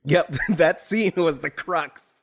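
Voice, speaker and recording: A man's voice: fairly high pitch, takes it slowly. A man from the United States co-hosting a casual podcast chat, rambling and joking, often slipping into silly voices. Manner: jokey, rambling, drops into silly put-on voices. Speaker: podcast co-host.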